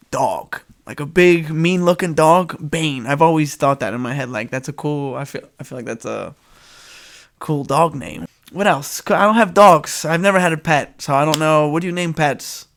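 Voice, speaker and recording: A man's voice: on the high side, lively intonation, normal speed, a bit bright. A young man with a nasal voice hosting a casual solo podcast, rambling and joking with frequent laughs. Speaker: podcast host.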